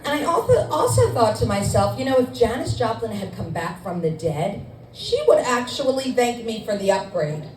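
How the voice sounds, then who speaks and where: A woman's voice: on the high side, very animated, normal speed, darkish tone. A middle-aged woman from Scarsdale doing a chatty, self-deprecating stand-up set, with ums and restarts. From Scarsdale, New York. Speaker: stand-up comedian. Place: comedy club stage with audience. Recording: echoey club from far off, faint noise.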